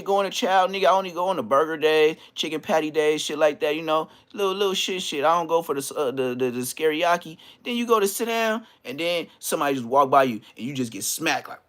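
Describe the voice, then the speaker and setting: A man telling stories as a podcast guest, in slangy, animated casual talk full of restarts. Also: high voice. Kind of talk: casual storytelling.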